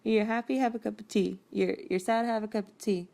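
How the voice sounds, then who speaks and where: A woman voicing a brisk, unflappable young woman who talks in a breezy, dismissive way. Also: medium pitch, steady tone, gravelly, warm tone, voice pushed up, natural voice.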